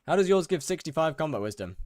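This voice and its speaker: A man's voice: fairly high pitch, big pitch swings, fast, darkish tone, no room sound. A young British man casually chatting with his viewers while gaming, often stammering and repeating words. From United Kingdom. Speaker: streamer. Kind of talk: casual live-stream chat while gaming.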